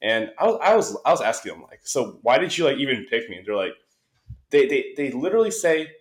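A man's voice: mid-range voice, sing-song, fast. A young man chats as a podcast guest, animatedly telling a story and putting on voices for the people he quotes. His voice sits in a middling register and carries a noticeable echo from the room. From United States. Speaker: guest, esports caster. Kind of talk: casual podcast chat. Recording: echoey room sound.

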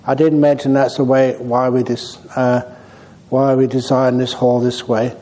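Mellow-voiced monk giving a dharma talk. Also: male voice, medium pitch, unhurried, low-quality recording. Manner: relaxed, humorous storytelling. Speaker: Buddhist monk and meditation teacher. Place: meditation hall.

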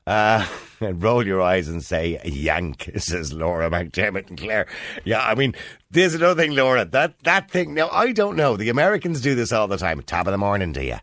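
A man's voice: fairly low pitch, normal speed, no room sound, clean studio sound. A man in his fifties with an Irish accent, hosting a casual phone-in radio show, joking and laughing often. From Ireland. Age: 50s. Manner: jokey, laughs often, animated. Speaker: radio host.

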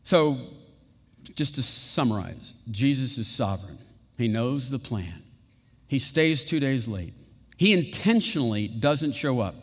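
Man preaching in a reverberant hall. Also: mid-range voice. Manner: dynamic preaching, swinging from emphatic peaks to hushed, slow passages; conversational asides with rhetorical questions. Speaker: pastor. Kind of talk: sermon. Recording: long reverb of a large hall.

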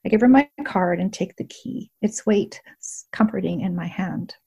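Breathy, mellow woman narrating a story. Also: medium pitch, normal speed. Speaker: audiobook narrator. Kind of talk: first-person scripted narration.

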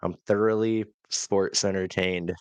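Slow-talking man in a wrestling chat. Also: deep voice, clean tone, dry recording. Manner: relaxed, hesitant, many fillers. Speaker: podcast co-host. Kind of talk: casual wrestling review chat.

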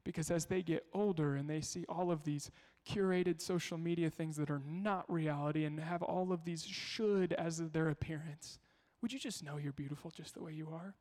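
This pastor's voice is fairly high and darkish, steady in tone, at normal speed with hardly any pauses. He preaches a sermon, chatting through family stories and posing rhetorical questions to the congregation, in long hall reverb.

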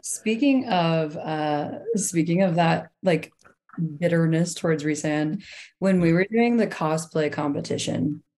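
A woman co-hosting a casual interview, with a somewhat low voice. She tells stories in an animated way and laughs often along the way. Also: measured pace. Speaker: co-host. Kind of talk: casual storytelling in chat.

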